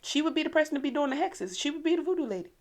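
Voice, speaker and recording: A woman, co-hosting a podcast in candid casual chat, blunt and profane, telling animated stories. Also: sits high, very fast. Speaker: podcast co-host.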